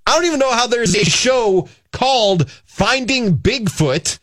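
Lively sarcastic man reading odd news. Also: very high voice, no echo. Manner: sarcastic, quick to mock the story he reads. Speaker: radio show co-host. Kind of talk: casual comedic banter and news reading.

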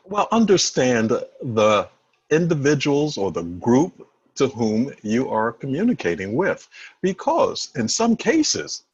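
Animated, husky-voiced male expert. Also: medium pitch, slow, no room sound, dull audio. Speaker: body language and negotiation expert guest. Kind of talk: conversational interview.

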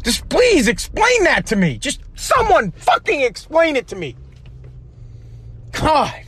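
An American man hosts a solo podcast from a parked car, ranting in an aggravated, profane way and restarting often. His voice is very high and fairly bright, swooping wildly in pitch while moving at a slow pace.

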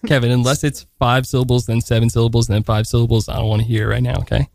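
A man's voice: mid-range voice, little pitch movement, fast talker, a little mellow, no room sound, studio quality. A man co-hosting a comedic radio show, playful and mock-earnest in his banter.

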